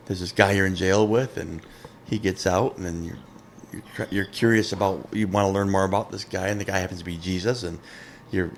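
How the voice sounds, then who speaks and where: Animated, self-mocking man telling a story. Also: low-pitched, brisk, vocal fry, a little hiss or hum. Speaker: podcast co-host. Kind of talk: casual chat, storytelling.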